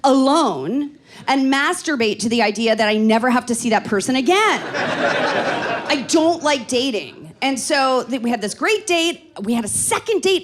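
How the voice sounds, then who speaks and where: A woman in her forties from Canada doing stand-up comedy into a handheld stage microphone, chatty and rambling with dry self-mocking asides. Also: on the high side. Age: 40s.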